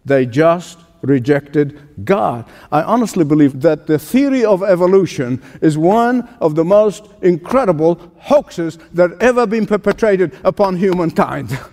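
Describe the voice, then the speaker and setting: A man preaching a sermon as pastor, emphatic, with dramatic pauses and passages that rise toward shouting. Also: high-pitched. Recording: long hall reverb.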